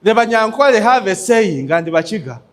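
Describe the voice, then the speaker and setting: A man's voice: sits high, sing-song, brisk. A man giving a motivational business talk to an audience, emphatic and checking in with his listeners. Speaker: business coach.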